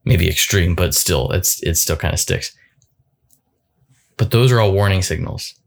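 A man giving a reflective solo talk as a coach, thoughtful and halting, often repeating words as he goes. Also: low-pitched, vocal fry.

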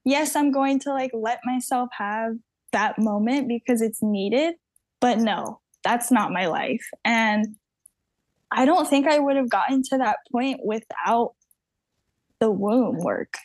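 A woman in her twenties from Southern California, speaking as a podcast guest. She is chatty and candid, with her voice a touch high. The sound is dry and close. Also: takes it slowly, no room sound. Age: 20s. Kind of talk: casual conversation.

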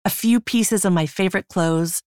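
A woman's voice: mid-range voice, moderate pace, darkish tone, clear, resonant tone, dry recording, clean studio sound. A woman reads her own memoir as an audiobook in an intimate, tense first-person style. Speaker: memoir author and narrator.

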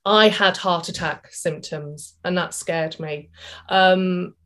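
Chatty woman in her 40s, interview guest, animated storyteller who voices her own past thoughts. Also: lowish voice, slow pace. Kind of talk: candid personal story in a podcast interview.

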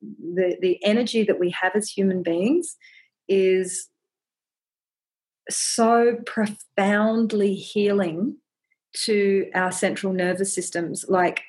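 A woman speaking as a podcast guest, sharing her practice in a gentle, earnest, reflective way and often repeating words as she thinks. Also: mid-range voice, fairly even intonation, slow pace, husky. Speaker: podcast guest, ceremony holder.

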